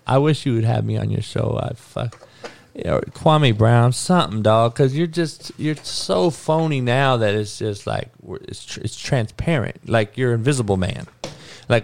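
A man's voice: medium pitch, moderate pace, vocal fry, a little mellow, slight background noise. A man giving a heated, profane and mocking sports rant as a podcast commentator.

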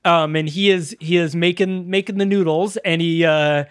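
Man, high voice, casual movie recap, laughs a lot, dry close sound. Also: steady tone, normal speed, clean tone, no echo. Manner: laughs often, acts out quotes in silly voices. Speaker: podcast host.

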